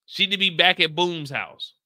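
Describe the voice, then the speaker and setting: A man's voice: sits high, normal speed, bright, forceful tone, no room sound, studio quality. A man with an American accent recapping a TV episode in casual, slangy chat, reading out viewer questions and reacting playfully. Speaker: show recap host.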